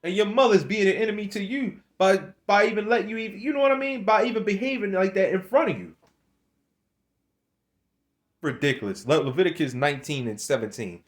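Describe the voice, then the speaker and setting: A man with a high-sitting voice speaks fairly quickly, making religious videos. Addressing the camera in a rambling rant, he scolds viewers, swears, restarts phrases and laughs between points.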